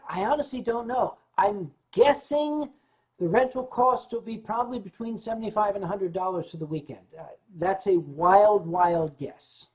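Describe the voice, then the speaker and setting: A man hosting a livestream, chatting casually with his viewers and telling stories with big swings in pitch and loudness, stumbling and restarting when the subject turns serious. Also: normal speed. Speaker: livestream host answering chat.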